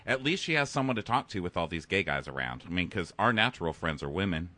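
Bright, lively joking man. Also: sits low, fast talker, dry recording. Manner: crude, joking, lively storytelling. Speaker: podcast co-host. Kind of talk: casual comedic recap chat.

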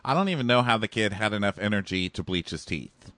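Low-voiced man trading snarky jokes. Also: expressive, fast, fairly bright tone, dry recording. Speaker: podcast co-host. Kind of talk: casual recap chat.

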